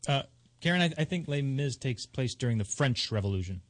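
Quick man with mock-naive quips. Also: medium pitch, animated. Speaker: show co-host. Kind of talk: comic banter on a movie talk show.

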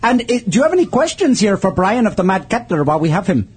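A man hosting a call-in podcast, playful and teasing, quick with innuendo and jokes. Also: sits high, sing-song, husky. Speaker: podcast host. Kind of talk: joking call-in show banter.

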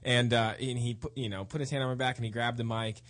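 A man co-hosting a comedy show, telling anecdotes in an excitable, rambling way. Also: medium pitch. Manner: excitable, fast anecdotes with many "like" fillers. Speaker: comedian and musician, show co-host. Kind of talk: casual comedic storytelling.

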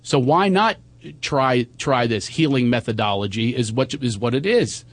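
A man hosting a call-in talk show, coaching a guest and often bursting into loud laughter. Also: mid-range voice, animated, normal speed, dry recording. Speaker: host.

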